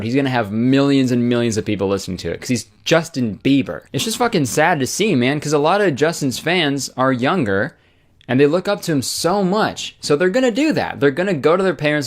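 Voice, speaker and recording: A man's voice: mid-range voice, expressive, brisk. A man in his twenties doing comedic commentary, sarcastic and swearing, with exaggerated mock outrage. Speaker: commentary YouTuber.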